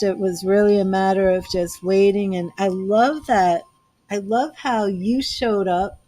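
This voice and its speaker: A woman reads tarot cards live in an earnest, gushing way, with tears not far off. Her voice sits at a middle pitch and sounds dry and close. Soft music plays faintly underneath. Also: no echo. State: teary-eyed. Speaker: tarot reader.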